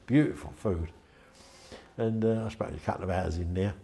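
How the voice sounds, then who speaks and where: A man's voice: low-pitched, moderate pace, gravelly, mellow. An older man, telling a rambling, chatty story in an interview and acting out the voices of the people in it. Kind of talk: anecdotal storytelling.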